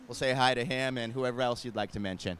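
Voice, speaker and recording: Fast-talking laid-back beach interviewer, male. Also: mid-range voice, fairly even intonation, fairly bright tone, slight background noise. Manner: upbeat, quick, laid-back surf slang. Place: beach outdoors.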